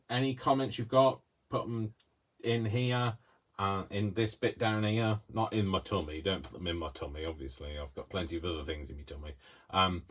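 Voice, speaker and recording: A man's voice: low-pitched, slight background noise. A man hosting a live craft tutorial in a small craft room, rambling with jokey, self-deprecating asides.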